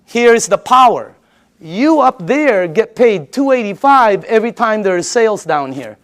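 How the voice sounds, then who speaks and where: A middle-aged man giving a live sales pitch to an audience, emphatic and chatty, repeating listeners' answers back to them. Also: unhurried. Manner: chatty and excitable, laughs between points. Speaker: sales presenter.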